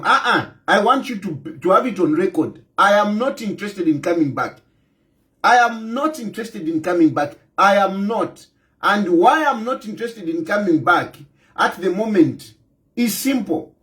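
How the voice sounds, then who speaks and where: A man's voice: sits high, fairly bright tone. A middle-aged Zambian man with a Zambian accent, giving an impassioned political address and hammering his points home with repetition. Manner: emphatic, repeats lines for force, mixes in Bemba phrases. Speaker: political commentator. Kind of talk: impassioned direct-to-camera address.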